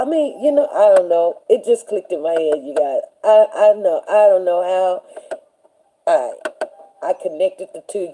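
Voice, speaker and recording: Dark-voiced woman telling a story. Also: fairly low pitch, poor audio. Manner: rambling, animated, acts out quoted people. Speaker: show host. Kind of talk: casual storytelling.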